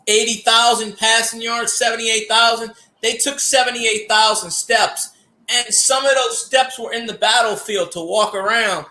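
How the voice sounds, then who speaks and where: A man telling stories in casual livestream chat, animated, ranting and cursing freely. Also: extremely high pitch, moderate pace, roomy sound. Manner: animated storytelling with rants and cursing.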